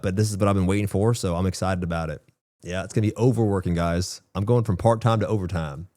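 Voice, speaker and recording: A man's voice: on the low side, a little mellow, no echo. A man game streamer chatting casually with his viewers in rambling, profane slang. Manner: rambling, profane slang, says bro a lot.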